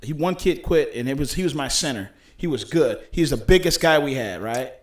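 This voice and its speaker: A man, a youth football coach, telling profane, animated stories in casual podcast chat. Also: mid-range voice, brisk.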